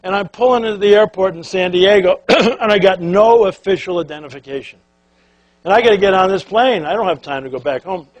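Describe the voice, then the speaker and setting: Older guy giving a talk, highish voice, folksy storyteller, does little voices for people. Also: a little fast, dull audio. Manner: animated, folksy, acts out quotes and quacking sounds. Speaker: keynote speaker. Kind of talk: storytelling speech to an audience.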